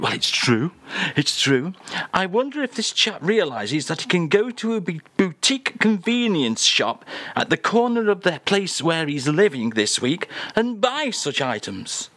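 A man's voice: a little high, sing-song, normal speed, a bit bright. A man hosting a comic radio chat in a jokey, mock-formal manner. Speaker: radio host.

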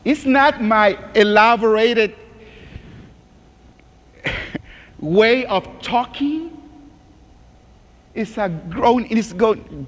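Male pastor preaching, high and lively pitch, unhurried, long hall echo. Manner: reads scripture slowly, drops to a hushed groan. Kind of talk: sermon.

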